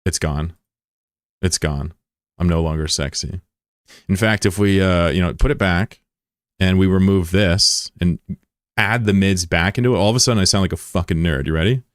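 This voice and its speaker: Deep smooth guy rambling to his stream chat, dry close mic. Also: fairly quick, no room sound. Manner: rambling and self-deprecating, reads chat aloud. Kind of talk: casual live-stream chat with viewers. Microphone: broadcast mic with voice filter.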